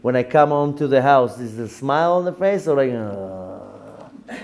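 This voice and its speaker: A middle-aged rabbi giving a candid, self-questioning spoken lesson, now and then jumping high on a repeated question. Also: male voice, quick pace, darkish tone, a little hiss or hum.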